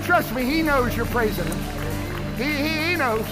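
A man preaching a sermon as pastor, swinging from shouted climaxes to hushed drops. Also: very high-pitched, sing-song, normal speed, over a noisy crowd. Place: church sanctuary. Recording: echoey hall with music and congregation.

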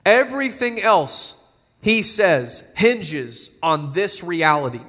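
High bright preacher guy, gets loud and emphatic, reverby hall. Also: animated, a little slow, a faint crowd, slight background noise. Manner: rising to emphatic, near-shouting appeals. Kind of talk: sermon.

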